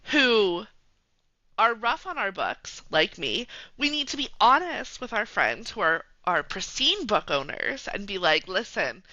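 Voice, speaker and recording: Giggly woman hosting a podcast, super bright tense voice, dry dull lo-fi sound. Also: mid-range voice, big pitch swings, a little slow, dry recording. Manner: giggly, laughs often. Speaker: podcast host. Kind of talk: casual podcast chat.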